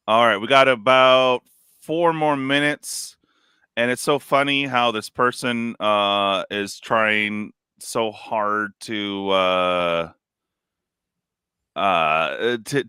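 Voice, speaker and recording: A man hosting a casual live stream, rambling and animated, full of fillers like "dude" and "like". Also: fairly low pitch, smooth, no echo, studio quality. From California. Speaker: stream host.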